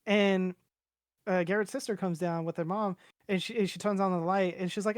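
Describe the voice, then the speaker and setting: A man's voice: sits high, fairly even intonation, moderate pace, no room sound, studio quality. A young man telling a long personal story on a podcast in a casual, rambling way, swearing freely and acting out what everyone said. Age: young adult. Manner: rambling, profane, acts out quoted voices.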